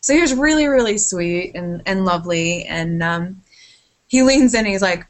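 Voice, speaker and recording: A woman chatting on a podcast, telling a long story that keeps wandering off track. She swears casually, keeps apologizing and talks at an ordinary pitch. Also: animated, normal speed. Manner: rambling, sidetracked storytelling. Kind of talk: casual chat.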